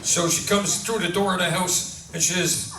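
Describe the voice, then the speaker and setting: A man's voice: high-pitched, steady tone, normal speed, a crowd in the background. A man telling jokes on stage, rambling and folksy. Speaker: comedian. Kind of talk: stand-up joke telling. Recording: roomy, distant mic, faint noise.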